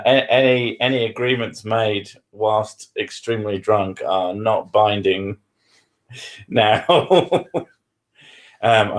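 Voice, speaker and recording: A man, hosting a live stream from his living room with crude, self-mocking banter. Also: lowish voice. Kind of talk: casual live-stream chat.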